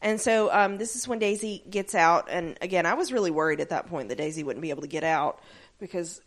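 She talks briskly in a lowish voice, co-hosting a casual recap and voicing characters' lines as she goes. The delivery is animated, full of fillers and easy swearing.

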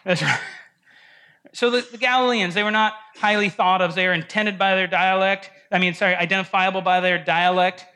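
A man leads a casual Bible study in a church classroom, his voice bright and forceful and sitting a little high. He talks loosely to the group, checks in with questions and often restarts his sentences. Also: steady tone, fairly quick, smooth. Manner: conversational, asks the group questions, frequent restarts and "right?". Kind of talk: informal classroom teaching.

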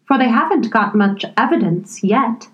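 A woman's voice: a little high, expressive, moderate pace, a bit bright, dull audio. A woman voicing a curious, musing young girl.

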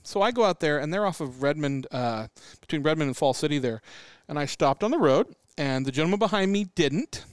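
A man with a fairly high, smooth and clear voice, recorded close and dry. He co-hosts a casual podcast and tells long, rambling stories, often stopping to laugh and fill in with "like" and "um.". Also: lively intonation, fairly quick, dry recording. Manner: rambling storyteller, lots of fillers and laughs. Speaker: podcast co-host. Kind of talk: casual chat.

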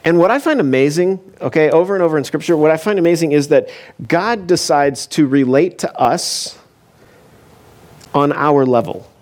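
A man's voice: fairly high pitch, moderate pace, darkish tone. A man preaching a conversational sermon as a pastor, telling the story casually with frequent asides and fillers. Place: church.

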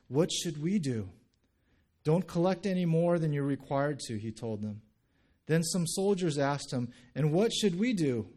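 Animated man preaching a sermon. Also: mid-range voice. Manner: animated, acts out quoted reactions. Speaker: pastor.

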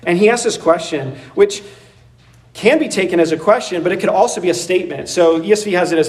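A man preaching a sermon in a conversational, animated way, laughing and acting out voices as he goes. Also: high voice, quick pace, distant mic. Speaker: pastor. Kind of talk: expository sermon.

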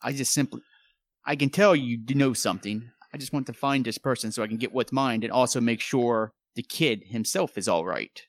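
A man playing a calm, earnest adventurer, speaking in a soothing voice. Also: mid-range voice, normal speed, no room sound, pitched below the performer's own voice, natural voice.

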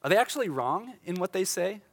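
A man's voice: high-pitched, sing-song. Man preaching a conversational sermon. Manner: conversational, with laughs and dramatic slowdowns. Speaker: pastor.

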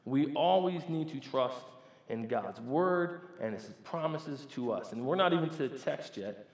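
Male pastor telling a story in a sermon, animated with many restarts, in a roomy, echoing space. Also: mid-range voice, measured pace. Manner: animated, stammering restarts, swings between loud and hushed.

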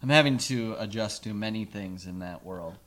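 Animated man telling a story. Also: on the low side, normal speed. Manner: animated storyteller, swears for comic effect. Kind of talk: casual chat.

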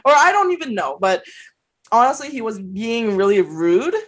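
A young adult woman, a podcast co-host, telling a story in casual chat. She is animated, laughs often between her words and swears freely. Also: a little high, moderate pace.

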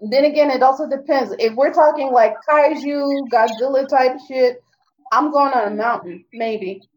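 A woman's voice: high voice, normal speed, a little hiss or hum, rough recording. A middle-aged woman in casual chat who laughs often and slips into playful mock voices.

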